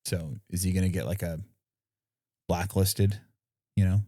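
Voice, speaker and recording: A man's voice: deep voice, fairly even intonation, unhurried, mellow, no room sound, studio quality. A man co-hosting a podcast in casual chat, laid-back and swearing freely. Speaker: podcast co-host.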